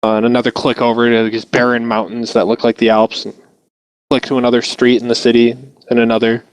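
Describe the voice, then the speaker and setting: A man running a tabletop game as game master, describing each scene like a film shot with loose, halting restarts. His voice sits at a middle pitch, recorded dry and close with no room sound. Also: completely flat delivery, clean tone, no echo, poor audio.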